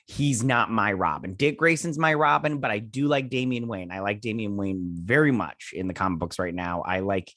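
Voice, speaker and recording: A man's voice: fairly low pitch, fairly bright tone, dry recording, clean studio sound. A man in his thirties giving a casual, rambling recap and review of a TV episode, full of fillers and paraphrased scenes, sounding a bit sleepy. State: sleepy, yawning. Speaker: show reviewer.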